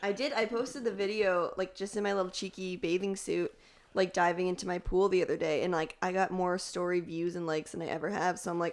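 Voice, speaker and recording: A woman's voice: on the low side, a little fast. Chatty young woman podcast host. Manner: animated storyteller, acts out quotes. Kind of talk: casual chat.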